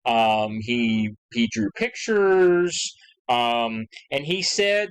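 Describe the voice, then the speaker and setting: A man's voice: mid-range voice, big pitch swings, extremely slow, smooth, poor audio. A man giving a recorded history lecture in a conversational, rambling way, full of asides and fillers, acting out quoted questions with rising emphasis. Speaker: history teacher.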